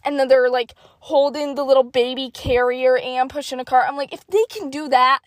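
An eighteen-year-old woman telling a story in a casual, animated way, acting out her thoughts in hushed asides. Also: high-pitched, normal speed, no room sound. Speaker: vlogger.

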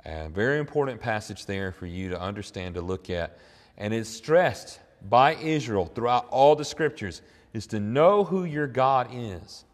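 A middle-aged man preaching a sermon. He talks earnestly, climbs to emphatic high points and then drops to quiet reflection. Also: expressive, measured pace, big-room sound. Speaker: pastor.

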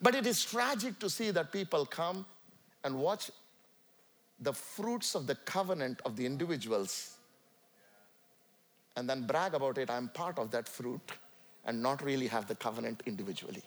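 A man with an Indian accent preaching a sermon to a church congregation, swinging from loud calls to quiet asides. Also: mid-range voice, lively intonation, normal speed, long pauses. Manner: emphatic, rising and falling between loud calls and quiet asides. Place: church sanctuary.

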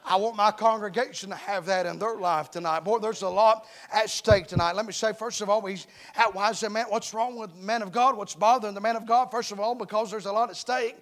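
A man's voice: sits high, fairly even intonation, brisk, few pauses, a bit bright. A man preaching a fervent revival sermon to his congregation, plain-spoken and calling for amens. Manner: fervent, repeatedly calls for amens; plain-spoken, calls himself uneducated.

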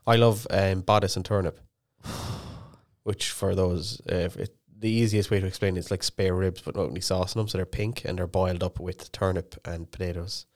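Irish man, podcast co-host, lowish voice, storytelling, swears a lot. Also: fairly even intonation, normal speed. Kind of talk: casual chat.

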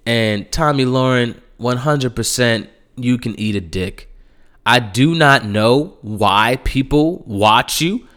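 Heated, profane podcast host, smooth voice. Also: male voice, mid-range voice, takes it slowly. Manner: profane, heated, swings into loud mocking impressions. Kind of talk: solo podcast rant.

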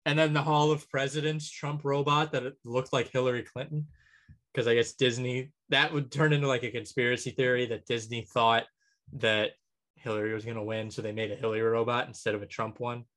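A man's voice: medium pitch, little pitch movement, fairly quick, fairly bright tone. A man co-hosting a podcast, casually rambling through a list with frequent ums and light chuckles. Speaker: podcast co-host. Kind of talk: casual chat.

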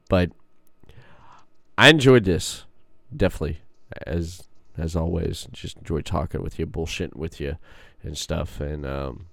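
Low-voiced laughing male podcast host. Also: unhurried, vocal fry, pauses often, a bit bright, no echo. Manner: rambling storyteller, laughs often. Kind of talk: casual chat.

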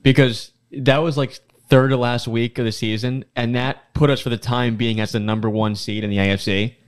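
A man co-hosting a sports podcast, telling excitable stories about games in casual chat. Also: medium pitch, normal speed, clean tone. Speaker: podcast co-host.

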